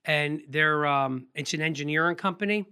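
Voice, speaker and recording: A man being interviewed about his photography work, telling quick, energetic anecdotes in a casual, rambling way. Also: fairly high pitch, clean tone. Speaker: guest photographer.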